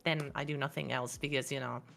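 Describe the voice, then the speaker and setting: A woman's voice: rumbling low, gravelly, soft background music. A woman vtuber guest chatting playfully and animatedly in a casual interview. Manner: playful, animated, quick with jokes.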